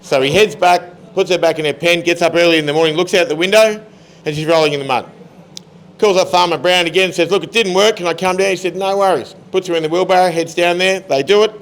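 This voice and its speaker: A man's voice: high voice, fast talker, a bit bright. A man telling jokes casually as a guest, in a plain, easygoing way. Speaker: guest joke teller.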